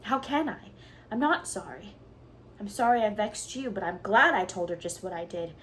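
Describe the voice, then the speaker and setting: A woman reading aloud voices an excitable, dramatic orphan girl who pleads and protests with passion. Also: mid-range voice, moderate pace, a little hiss or hum, natural voice. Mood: defiant. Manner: impassioned, pleading, melodramatic.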